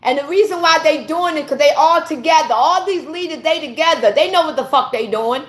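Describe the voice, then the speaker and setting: High-voiced woman ranting in an echoey room. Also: brisk. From United States. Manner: ranting, profane, preachy. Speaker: vlogger. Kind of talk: impassioned monologue to viewers.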